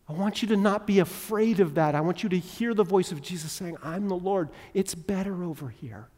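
A male pastor delivers a sermon in a church, his voice sitting a little high for a man. He swings between loud, emphatic preaching and hushed, intimate appeals. A long hall reverb trails each phrase. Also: normal speed. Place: church sanctuary.

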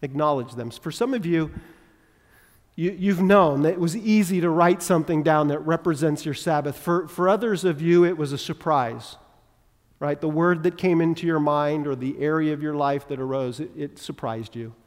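A man preaching a sermon as a pastor, moving from loud emphatic passages to quiet, intimate appeals and prayer. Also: a little high, moderate pace. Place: church sanctuary. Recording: long reverb of a large hall.

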